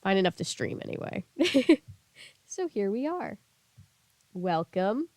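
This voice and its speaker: Speaking slowly in a mid-range, darkish voice with big pitch swings, a young woman streamer chats casually with viewers. She laughs often, reads chat aloud, and has a lingering cough that makes her sound a bit sick. No room sound is audible.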